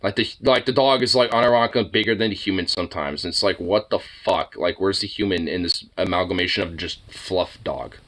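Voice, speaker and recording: A man's voice: deep voice, fairly quick, few pauses, fairly bright tone. A man chatting casually to his dog, rambling, swearing freely and slipping into baby talk. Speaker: dog owner vlogger.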